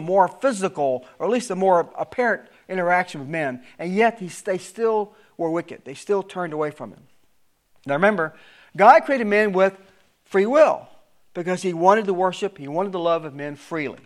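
A man leads a verse-by-verse Bible study in a slightly high voice. He reads scripture with rising emphasis, then drops into plain explanation, often restarting and repeating his words. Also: lively intonation, normal speed. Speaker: preacher.

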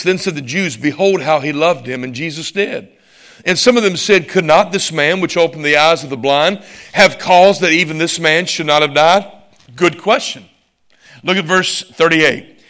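A male preacher delivering a sermon, emphatic and swinging from loud exclamations to hushed asides. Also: on the high side.

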